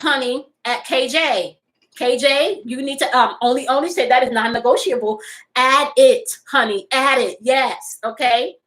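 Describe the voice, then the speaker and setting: A woman's voice: sits high, fairly bright tone, poor audio. A woman in her forties hosting a casual spiritual live stream, speaking frankly and playfully to her viewers and laughing often. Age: 40s. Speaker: spiritual host reading live chat.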